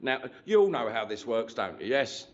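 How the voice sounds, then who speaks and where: At a church hall, a spiritualist medium gives a live mediumship demonstration, chatting and joking cheekily with the congregation and frequently restarting. His medium-pitched voice swings widely in pitch at a moderate pace, and the recording is dull and lo-fi.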